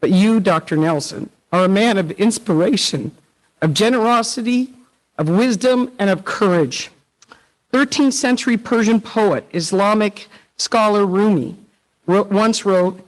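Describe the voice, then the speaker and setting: A woman teacher gives an earnest tribute speech at a public meeting, emotional and close to tears as she quotes poets and leaders. Her voice is mid-range at a measured pace, and the audio is poor.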